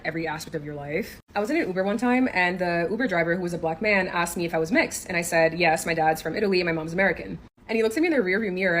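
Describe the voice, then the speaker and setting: A young woman from Senegal telling a story in a quick, exasperated vlog rant, full of "like" fillers. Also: on the low side, a little hiss or hum. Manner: fast, exasperated, many "like" fillers.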